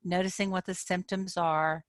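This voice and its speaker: In an online session for her members, a woman manifestation coach talks conversationally, frequently adding "okay?" and growing animated when she acts out frustration. She has a fairly low pitch and a moderate pace, with no echo.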